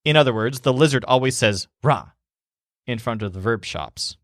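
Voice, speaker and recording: A man's voice: medium pitch, moderate pace, no room sound. Male language teacher, scripted storytelling narration, careful over Spanish words, dry close sound. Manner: calm, clear, pronounces Spanish words carefully.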